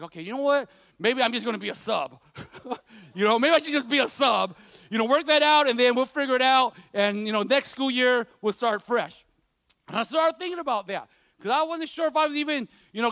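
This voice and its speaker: High, bright-voiced man preaching. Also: no room sound, studio quality. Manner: conversational, peppered with "you know"; builds to emphatic preaching. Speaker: pastor. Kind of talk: sermon with personal stories.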